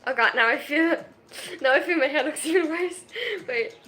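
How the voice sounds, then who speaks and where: A 22-year-old German woman with a high, sharp voice live-streams from home at normal speed, reading viewer comments aloud. She sounds shy and self-conscious, restarting hesitantly and laughing nervously.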